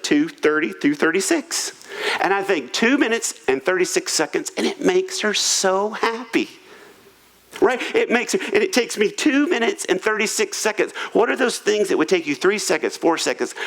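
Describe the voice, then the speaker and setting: Male pastor, sermon, slightly high voice, animated pitch, joking, conversational. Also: vocal fry, low-quality recording. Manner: humorous, conversational, self-deprecating. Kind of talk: sermon on marriage. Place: church auditorium.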